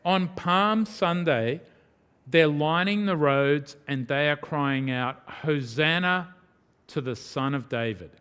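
Emphatic male preacher, slightly high voice. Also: slow, a bit bright, clean tone, in a large hall. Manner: emphatic, dramatic swings of pitch and volume. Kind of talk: sermon.

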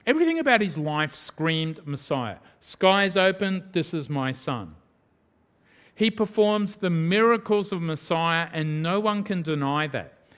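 A middle-aged man preaching a sermon, emphatic, with dramatic swings in pitch and loudness. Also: animated, measured pace, smooth, big-room sound.

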